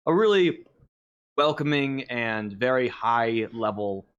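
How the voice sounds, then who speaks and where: A man's voice: mid-range voice, animated, takes it slowly, fairly bright tone, smooth, dull audio. A man appearing as a guest on a casual live stream, talking enthusiastically and complimenting the host.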